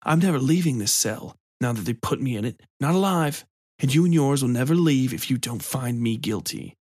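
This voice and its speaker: A man's voice: mid-range voice, expressive, normal speed, a little mellow, no echo, studio quality, natural voice. A man voicing a sly, provocative village priest who taunts in a hissing, insinuating way. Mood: desperate.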